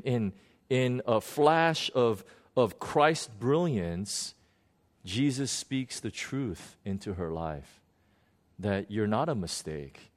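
A man telling a personal ministry story unscripted, earnest and halting, often restarting and repeating words. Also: on the low side. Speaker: minister recounting a prayer session.

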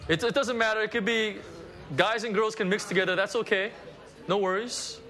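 A man preaching a conversational sermon at a church service, animated and full of asides. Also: high voice, moderate pace. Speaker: pastor.

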